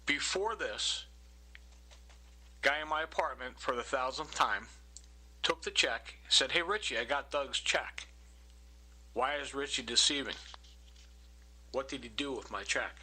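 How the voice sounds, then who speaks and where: A man's voice: medium pitch, unhurried, pauses often, bright, forceful tone, husky, low-quality recording. A man narrating over his own recordings, indignant and accusing, repeating his complaint.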